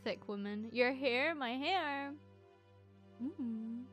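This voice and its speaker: A woman's voice: fairly high pitch, extremely slow, soft background music. A Scottish woman streaming as a VTuber in casual, rambling chat, often swearing and breaking into laughter. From Scotland.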